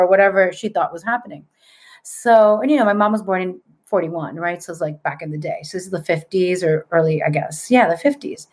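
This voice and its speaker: A woman's voice: lowish voice, steady tone, brisk, darkish tone. A middle-aged woman, a podcast guest, telling a story in casual conversation and acting out the people she quotes.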